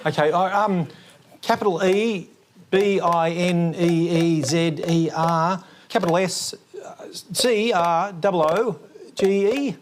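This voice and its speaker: A man with a high voice competes on a comedy spelling quiz. He spells aloud in a rambling, jokey way, with a faint hiss behind him. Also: fairly even intonation, slow pace. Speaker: contestant. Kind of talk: playful spelling out loud.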